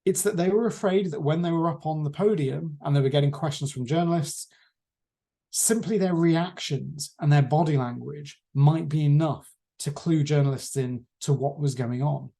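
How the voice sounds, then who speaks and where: A man teaching a class on presentation skills, lecturing in a measured way with deliberate pauses. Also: fairly high pitch, vocal fry, warm tone.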